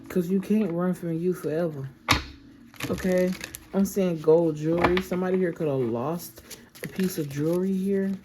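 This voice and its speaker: A woman's voice: lowish voice, normal speed, noisy background. A woman giving a casual, affirming tarot reading and often checking in with "okay?". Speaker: tarot reader.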